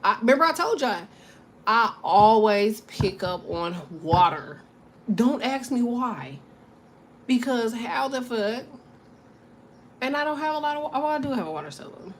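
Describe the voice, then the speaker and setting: A young woman doing a tarot reading in loose, profane, joking chat. Her pitch swings all over as she rambles along, and faint noise hums underneath. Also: big pitch swings, a little slow. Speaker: tarot reader.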